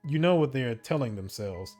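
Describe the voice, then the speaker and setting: Guy narrating a text adventure, mid pitch, steady reading with chatty asides, faint guitar music behind. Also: fairly quick. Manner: steady storybook reading broken by casual asides and laughs at slips. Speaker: game streamer. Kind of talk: reading an interactive story game aloud with commentary.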